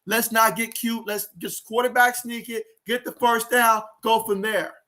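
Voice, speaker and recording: A man hosting a live sports watch-along, giving play-by-play, reacting loudly to plays and reading viewer comments aloud. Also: very high voice, a little slow. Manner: excitable fan, shouts and groans at plays. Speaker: livestream sports host.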